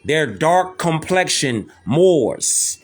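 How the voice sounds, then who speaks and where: Man, host, insistent commentary, slow, animated high pitch. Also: slight background noise. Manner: insistent, repetitive, keeps asking "see that?". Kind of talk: emphatic commentary over images and video.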